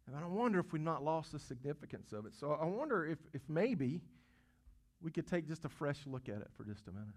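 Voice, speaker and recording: Fairly high-voiced preaching man. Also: very animated, a little fast, darkish tone. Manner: preaching, asks the congregation questions, swells to emphatic peaks; repeats and restarts words while preaching. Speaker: pastor. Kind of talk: sermon.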